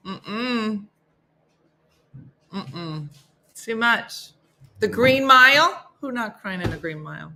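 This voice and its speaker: Chatty, bright-voiced woman host. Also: medium pitch, animated, takes it slowly, long pauses. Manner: chatty and jokey, talks to her dogs and to commenters. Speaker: host of a morning live stream. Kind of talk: casual live-stream chat reading viewer comments.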